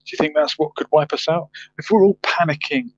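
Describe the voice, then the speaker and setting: A man hosting a livestream talks in a slightly high, brisk voice, casually chatting, going through viewer comments, and posing rhetorical questions as he muses. The audio is dry with no echo, dull and lo-fi.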